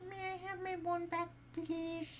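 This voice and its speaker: Man voicing a tiny high-pitched ghost, plaintive, spooky storybook. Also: flat delivery, a little slow, fairly bright tone, dull audio, slight background noise. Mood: pleading. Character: ghostly small voice wanting its bone back.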